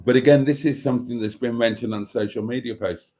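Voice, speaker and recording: A man's voice: mid-range voice, fairly even intonation, fast talker, dark tone. A middle-aged man hosting a live stream, chatting casually and rambling as he reads out viewer comments, a bit congested. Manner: rambling, self-interrupting and chatty.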